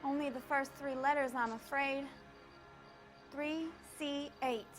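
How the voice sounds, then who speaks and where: A polite, high-voiced witness. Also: female voice, steady tone, measured pace, over music. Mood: earnest. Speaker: witness in a crime game.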